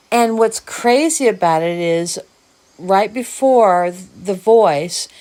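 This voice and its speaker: A woman's voice: mid-range voice, a little mellow. A woman hosting her own video diary podcast, musing aloud in a meandering, reflective way. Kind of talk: personal diary monologue.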